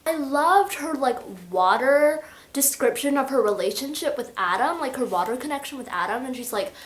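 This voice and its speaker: Young woman, high lively voice, gushing book chat, giggly, echoey room. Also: normal speed. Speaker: book vlogger. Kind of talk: casual book review chat.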